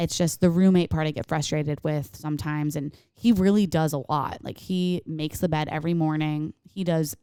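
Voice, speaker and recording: A woman's voice: low-pitched, fairly even intonation, moderate pace, few pauses, warm tone, clean tone, dry recording, clean studio sound. A young woman co-hosting a podcast in casual, candid chat, swearing freely and acting out little quoted exchanges. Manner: candid and swearing, quoting herself and her boyfriend. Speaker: podcast co-host.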